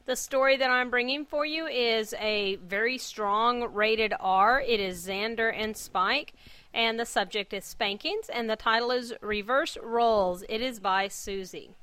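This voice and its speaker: A woman hosting a podcast, reading a story aloud in an earnest, measured way. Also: fairly high pitch, pushed and bright, smooth, dry recording. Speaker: podcast host and fanfic reader.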